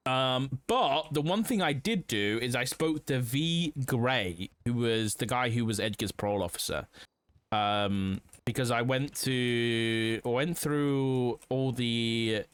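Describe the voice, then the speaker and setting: A man's voice: mid-range voice, slow, fairly bright tone, clear, resonant tone, dry recording. A man streaming a roleplay game, chatting casually and rambling with lots of fillers and swearing.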